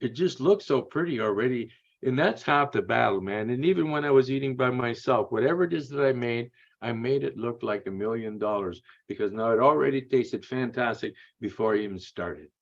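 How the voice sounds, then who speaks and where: A man's voice: mid-range voice, brisk, vocal fry, lo-fi sound. A man telling blunt, crude-humored stories as an interview guest, tagging his lines with "man" and "eh". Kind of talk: casual storytelling.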